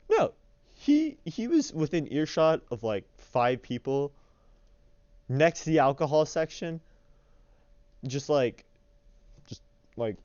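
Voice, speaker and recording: Young male storyteller, rambling and animated, smooth voice, dry dull lo-fi sound. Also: medium pitch, no room sound. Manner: rambling, filler-heavy, animated retelling. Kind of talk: casual storytelling voice-over.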